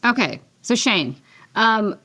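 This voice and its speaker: A woman's voice: on the high side, big pitch swings, slow, bright, forceful tone. A woman hosting an interview, asking direct, probing questions. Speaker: interviewer and host. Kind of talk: conversational interview.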